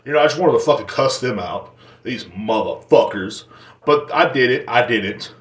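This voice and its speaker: A man rambles through a solo podcast rant at home, swearing constantly and cracking crude jokes. His voice sits at a middle pitch and carries a roomy echo from the room around him. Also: animated, moderate pace. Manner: profane, joking, rambling. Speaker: podcast host. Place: indoors at home.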